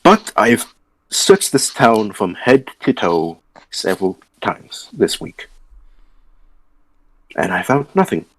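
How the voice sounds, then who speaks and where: Male game master on a voice call, lowish voice with a lively swing, dry close sound. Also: slow pace, pauses often, no room sound. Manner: explains calmly, sets scenes, asks players questions. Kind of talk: narrating a tabletop game. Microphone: online voice call.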